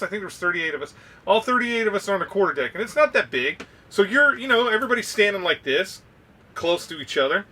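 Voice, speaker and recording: Guy on a podcast swearing through a story, high bright voice, bit far from the mic. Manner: profane, animated storyteller. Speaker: podcast co-host. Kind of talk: casual storytelling.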